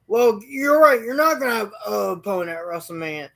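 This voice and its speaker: A man putting on the voice of a blustering male wrestling promoter, shouting fast and high. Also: animated, vocal fry, full character voice. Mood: taunting.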